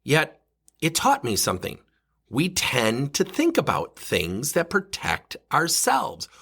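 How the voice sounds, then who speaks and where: Male coach hosting a solo podcast, bright and husky, animated storyteller. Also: mid-range voice, slow pace. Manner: animated, self-mocking storyteller. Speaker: leadership coach and podcast host.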